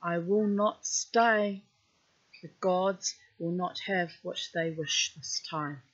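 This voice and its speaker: A woman's voice: on the low side, takes it slowly. A woman voicing a proud, resolute goddess. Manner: solemn, resolute declarations. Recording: dull lo-fi recording.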